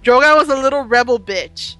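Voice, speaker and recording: A young woman co-hosting a podcast, chatting casually about a TV episode, swearing freely and throwing in quick asides. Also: sits high, pushed and bright, no echo, faint music behind, poor audio. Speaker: podcast co-host. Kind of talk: casual chat.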